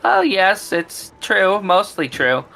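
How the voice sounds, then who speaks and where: A man's voice: sits high, very animated, slow pace, vocal fry, sharp tone, soft background music, pitched above the performer's own voice, heavily acted. A man voicing a small, ambitious male gnome assistant who is meek and eager to please.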